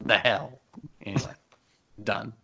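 A man with a lowish, bright voice talks casually, telling an animated story with quick asides. The recording sounds dull and lo-fi. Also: vocal fry, slightly rough. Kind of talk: casual chat.

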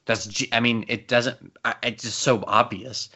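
A man in casual podcast chat, talking fast and eagerly with many restarts. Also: mid-range voice, flat delivery, pushed and bright, slightly rough. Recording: dull lo-fi sound.

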